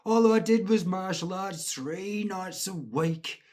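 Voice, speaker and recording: Slow-talking Scottish storyteller man. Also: high-pitched, darkish tone. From Scotland. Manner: rambling, swearing, chuckling. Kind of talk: casual personal storytelling.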